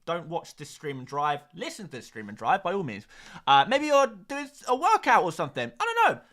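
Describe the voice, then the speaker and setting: A man's voice: high-pitched, wildly swooping pitch, brisk, fairly bright tone. A man hosting a live stream in casual, jokey chat, muttering asides as he goes. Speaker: streamer host.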